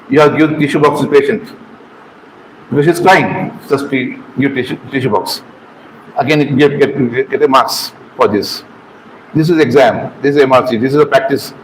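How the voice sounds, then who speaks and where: A middle-aged man leads an informal lecture on medical exams, in a voice pitched a little high for a man. He talks in short halting phrases, repeats himself and keeps asking the students questions. A faint noise sits under the recording. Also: a bit bright, poor audio. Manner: halting, repeats words, asks the audience questions. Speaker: medical exam trainer.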